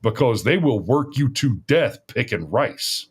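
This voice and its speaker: A middle-aged man co-hosts a podcast, chatting casually and ramblingly about politics, often restarting sentences and laughing at his own stories. His medium-pitched, slightly rough voice swings widely in pitch at a measured pace.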